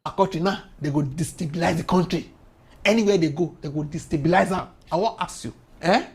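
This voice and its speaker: A woman's voice: lowish voice, fairly quick, a little mellow, husky. A Nigerian woman giving impassioned political commentary, full of rhetorical questions and pidgin asides.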